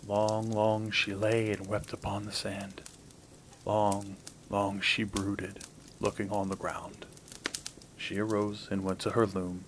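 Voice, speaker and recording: A man with a low voice narrates an old folk tale aloud, gentle and unhurried. His delivery is calm and storybook-like, and as host he closes by thanking his listeners. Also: a little hiss or hum, poor audio.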